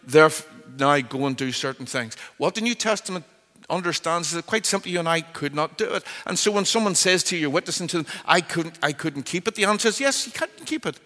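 A middle-aged man preaches in a church hall, his bright, slightly high voice trailing a long reverb. He presses his points emphatically, pleading, with loud swells and quiet drops. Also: animated, quick pace. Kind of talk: expository sermon.

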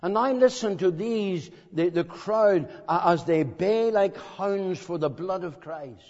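A man preaching an evangelistic sermon in a meeting hall, slow and dramatic, pressing his listeners with emphatic questions. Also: sits high, lively intonation, darkish tone. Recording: dull lo-fi recording in a reverberant hall.

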